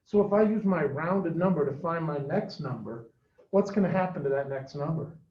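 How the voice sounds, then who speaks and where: Male math teacher, higher voice, questioning and coaxing, heard from across an echoey room. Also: expressive, moderate pace. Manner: questioning, coaxing students for answers. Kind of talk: classroom lesson. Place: classroom. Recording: echoey, distant, dull classroom recording.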